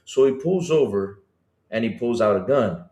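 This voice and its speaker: A man's voice: mid-range voice, animated, moderate pace, dark tone, reverberant. A man co-hosting a gaming podcast, talking casually and rambling, with many fillers and restarts. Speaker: podcast co-host. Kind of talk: casual chat. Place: Panama.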